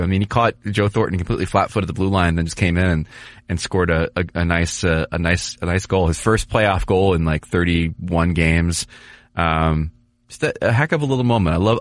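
A man co-hosting a sports podcast, talking casually and at length with lots of restarts and animated asides. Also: low-pitched, a little fast, no echo. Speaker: podcast co-host, hockey writer.

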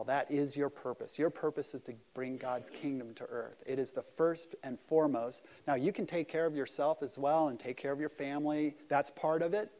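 A man's voice: a little high, a little mellow. A man preaching a sermon at a church service, earnest and conversational, with self-deprecating asides. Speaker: pastor.

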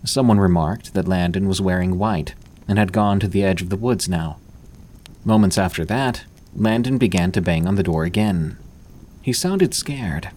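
A man narrating scripted horror stories in a measured, even storytelling manner. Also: low voice.

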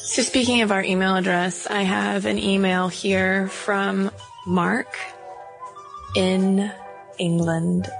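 A woman's voice: medium pitch, steady tone, takes it slowly, gravelly, soft background music. Earnest woman podcast co-host. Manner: earnest, playful. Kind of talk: casual podcast chat.

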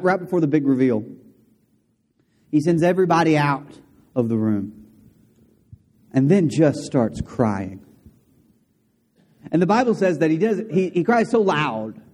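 A pastor preaches a sermon to his congregation, telling a story in a conversational, animated manner and adding asides to his listeners. His voice sits a little high.

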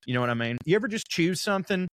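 A man's voice: high voice, expressive, racing, a bit bright, no room sound, clean studio sound. A young man co-hosting a podcast, chatting casually in a rambling, profane way and laughing often. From American South. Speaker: podcast co-host. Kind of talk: casual chat.

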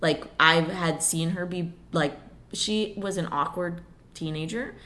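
A woman's voice: fairly low pitch, a little slow, bright, forceful tone. A woman in her thirties talking casually and personally, rambling with many fillers. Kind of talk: casual chat.

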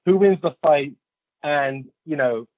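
A man's voice: a little high, slow pace, dry recording. Posh West London man over a phone line. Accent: West London received pronunciation. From England. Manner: playful, self-mocking rambling. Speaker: guest. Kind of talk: casual podcast chat.

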